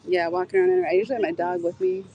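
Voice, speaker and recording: On a casual night-time live stream from a city street, a woman talks to viewers with her phone close to her face, rambling and laughing readily. Her low, steady voice races, the highs are cut off, and crowd noise fills the background.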